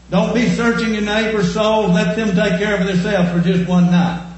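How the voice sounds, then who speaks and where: A man preaching a sermon, telling homespun stories and repeating his points slowly for emphasis. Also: high voice. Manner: folksy, homespun storytelling with slow emphatic repetition. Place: church. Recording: echoey church room.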